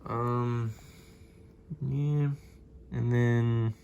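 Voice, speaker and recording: A man's voice: medium pitch, fairly even intonation, very slow, gravelly, darkish tone, highs cut off, slight background noise. Rambling man unboxing a film. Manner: rambling, with many fillers and restarts. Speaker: collector reviewing a film release. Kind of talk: casual unboxing chat.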